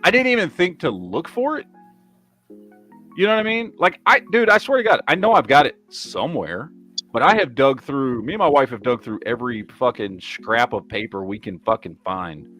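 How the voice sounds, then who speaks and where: Male podcast host, swears freely, rambling storyteller, voice jumps around in pitch, faint music under. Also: expressive, normal speed, bright, forceful tone. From Texas. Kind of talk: casual chat.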